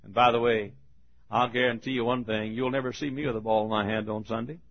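An older preacher with a steady, mid-range voice moves at a quick pace through a folksy storytelling sermon. He chuckles frequently and restarts often. The recording is dull and lo-fi.

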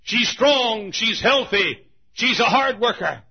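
A male preacher voicing a hoarse, weary male auctioneer calling for bids loudly on a lo-fi sermon recording. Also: sits high, expressive, takes it slowly, pitched above the performer's own voice, exaggerated voice. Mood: hawking. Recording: dull lo-fi old sermon tape.

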